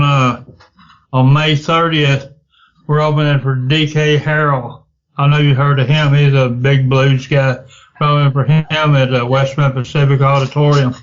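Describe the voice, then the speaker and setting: Slow, flat-voiced man guest. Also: a little high, clear, resonant tone. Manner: slow, halting, lots of fillers. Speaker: band member, guest. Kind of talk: interview answers. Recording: dull lo-fi podcast audio.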